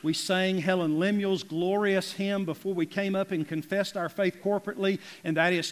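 A man preaching a folksy, emphatic sermon as pastor, rising to loud peaks and dropping to near whispers. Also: high-pitched, steady tone, normal speed, hardly any pauses, in a large hall. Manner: folksy, emphatic preaching with big swings in loudness. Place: church sanctuary.

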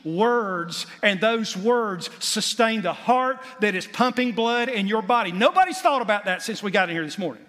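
A man's voice: high voice, animated, normal speed, few pauses, a bit bright. A man preaching a sermon as pastor, building to emphatic points with folksy asides. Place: church sanctuary. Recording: long hall reverb.

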